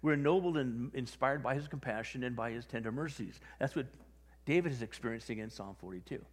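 Animated conversational male preacher. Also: mid-range voice, brisk, big-room sound. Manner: conversational, animated, acts out quotes. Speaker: pastor. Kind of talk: sermon.

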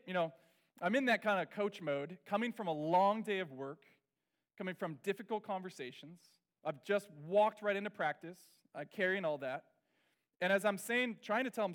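A middle-aged pastor telling a personal story in a sermon, candid and animated, dropping to soft confessional tones. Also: male voice, high-pitched.

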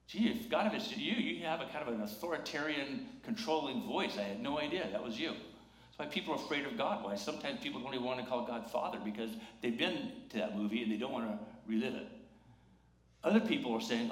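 A man's voice: on the high side, expressive, brisk. A male pastor preaching a sermon in a conversational, humorous way, acting out the voices he quotes, recorded in a church. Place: church sanctuary. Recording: roomy church sound.

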